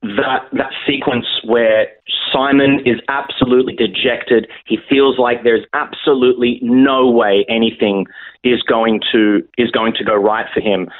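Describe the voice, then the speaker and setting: A young man speaking as a guest over the phone, hesitant and full of restarts. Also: medium pitch. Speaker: guest actor. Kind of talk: phone interview. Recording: tinny phone line.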